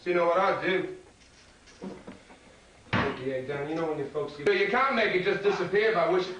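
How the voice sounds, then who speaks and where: Man, clown entertainer, high voice, playful kids' magic show patter, echoey room, heard from afar. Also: normal speed, muffled recording. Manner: playful, chatty, teasing audience questions. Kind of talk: storytelling magic show for children. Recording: echoey, distant, noisy venue.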